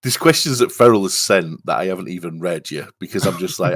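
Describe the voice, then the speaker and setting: A man's voice: sits low, expressive, brisk, a bit bright. A man co-hosting a podcast, chatting casually, rambling and laughing as he quizzes the others. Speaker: podcast co-host. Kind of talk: casual chat.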